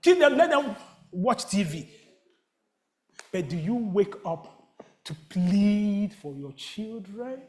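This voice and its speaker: A man preaching a sermon in a church, asking the congregation call-and-response questions and rising to near shouts. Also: sits high, sing-song, takes it slowly, pauses often. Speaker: pastor. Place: church sanctuary.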